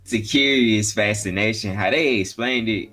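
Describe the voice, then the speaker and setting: Laid-back young man, lowish voice. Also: moderate pace, bright, forceful tone, soft background music. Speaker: podcast co-host. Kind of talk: casual chat.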